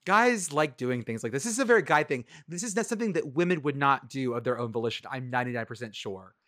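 A man's voice: medium pitch, lively intonation, quick pace, pushed and bright, no echo, clean studio sound. A man co-hosting a casual sports podcast, talking in a sardonic, rambling way and swearing freely. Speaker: podcast co-host.

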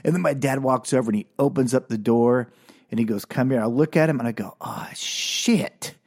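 A man's voice: medium pitch, fast, mellow. A man hosting his own podcast, telling a childhood story in a comic, self-mocking way and laughing often. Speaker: podcast host.

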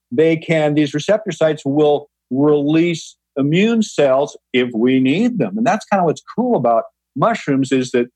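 A man's voice: medium pitch, a little mellow, no room sound, rough recording. A man speaking as a guest, explaining things patiently in an interview, often restarting and repeating words. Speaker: guest, mushroom grower.

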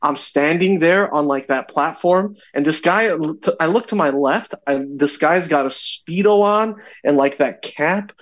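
A man's voice: on the high side, unhurried, few pauses, lo-fi sound. A young man, a podcast guest, telling a story in casual chat and acting out the dialogue as he goes. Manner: animated, acts out dialogue in his stories.

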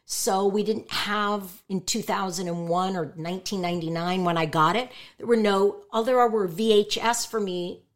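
A woman's voice: medium pitch, normal speed, few pauses. A woman who is a voice actress and stand-up comedian, talking candidly and emphatically in an interview. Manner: animated, emphatic, outspoken.

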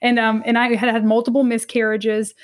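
A woman in her thirties, appearing as an academic guest in an interview, tells a personal story earnestly, halting and restarting often. Her voice sits on the high side with little pitch movement.

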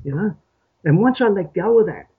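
Husky-voiced man on a tinny call. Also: high voice, expressive. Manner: halting, repeats words, soft pauses. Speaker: interview guest. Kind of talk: reflective storytelling. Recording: tinny phone-like call audio.

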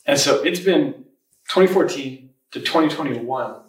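A man's voice: a little high, normal speed, roomy sound, distant mic, poor audio. A man hosting a podcast, chatting in a laid-back way with lots of fillers. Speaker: podcast host. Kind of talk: casual podcast chat.

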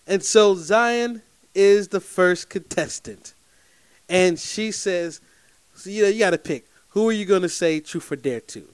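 A man telling a personal anecdote in an animated, emphatic way, often repeating phrases for effect. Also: high-pitched, measured pace, smooth, no room sound.

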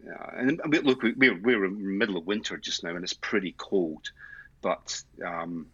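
Deep husky Scottish man, podcast guest. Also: animated, moderate pace, dry recording, lo-fi sound. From Scotland. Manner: enthusiastic, many restarts and repeated words. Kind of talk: casual interview chat.

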